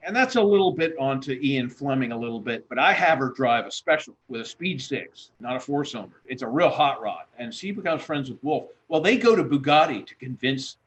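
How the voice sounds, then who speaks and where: A man's voice: medium pitch, lively intonation, fairly quick, hardly any pauses, rough recording. A man talking as a guest author in casual chat, a rambling storyteller who swears and chuckles.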